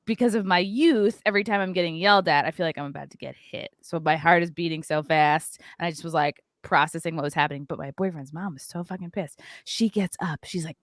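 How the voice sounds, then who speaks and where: Woman podcast host, animated storyteller, acts out quotes, dry mic. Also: fairly low pitch, fairly quick, few pauses, dry recording. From New York area. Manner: acts out quotes, frequent "like" fillers.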